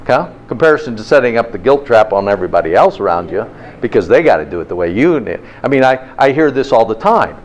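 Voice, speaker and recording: A man's voice: mid-range voice, quick pace, low-quality recording. A man hosting a motivational health talk, telling stories and firing rhetorical questions at his listeners. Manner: lively storyteller with rhetorical questions.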